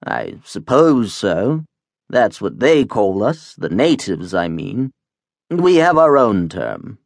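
A male narrator voicing the wub, a large, courteous, good-natured alien creature with a mild, unhurried way of speaking. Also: fairly low pitch, very animated, vocal fry, no room sound, full character voice.

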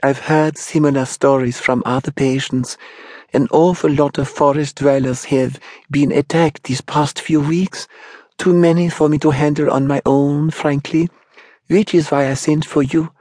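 A man voicing a kind young woman healer in a gentle, raised voice. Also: a little high, fairly even intonation, measured pace, dry recording, clean studio sound, voice pushed up.

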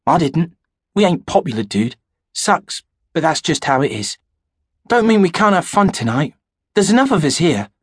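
A man's voice: a little high, very animated, normal speed, slightly rough, dry recording, clean studio sound, pitched above the performer's own voice. A man doing Daniel, a laid-back teen boy. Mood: easygoing. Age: teens. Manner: casual, reassuring. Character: teenage boy, easygoing loyal friend.

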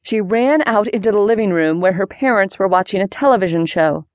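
A woman narrating a children's mystery audiobook in clear, even storytelling. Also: mid-range voice, a little fast, no room sound.

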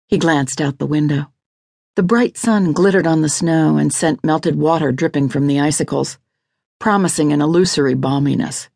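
A woman reading a historical mystery audiobook in a steady, even narration at a close studio mic. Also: low-pitched, normal speed, creaky, dry recording. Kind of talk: scripted narration.

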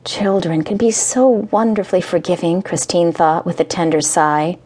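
A woman narrating a romance audiobook in a gentle, measured storytelling manner. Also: lowish voice, fairly even intonation, husky. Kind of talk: scripted narration.

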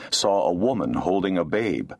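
Man, very low voice, lively intonation, expressive audiobook narration. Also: normal speed. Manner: expressive storytelling. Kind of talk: scripted narration.

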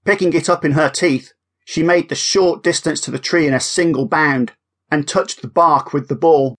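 Expressive man reading a children's story. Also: fairly high pitch, moderate pace. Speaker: audiobook narrator and author. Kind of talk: children's audiobook narration.

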